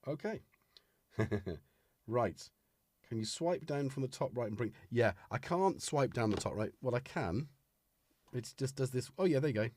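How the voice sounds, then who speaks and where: A man's voice: mid-range voice, animated, normal speed, a little mellow, dry recording. A man hosting a casual live stream from his home studio, chatting and laughing to himself as he hunts for things. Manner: rambling, chuckling, talking to himself while searching for things. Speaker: livestream host. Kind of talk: casual live-stream chat while playing gear. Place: home studio full of gear. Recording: music playing behind the voice.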